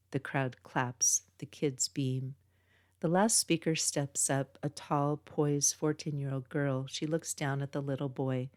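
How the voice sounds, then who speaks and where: A woman, an author, narrating her book in a steady, measured reading. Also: a bass voice, no echo, studio quality. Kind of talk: audiobook narration.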